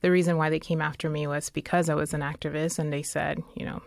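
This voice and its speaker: A woman's voice: low voice, little pitch movement, quick pace, vocal fry, no room sound, clean studio sound. A woman answering an interview, hesitant and full of fillers. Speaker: interviewee, activist.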